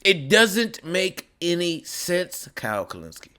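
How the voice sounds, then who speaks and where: A man's voice: high-pitched, big pitch swings, takes it slowly, sharp tone, clear, resonant tone. A man delivering a ranting commentary, mocking and scolding with insults. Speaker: commentary vlogger.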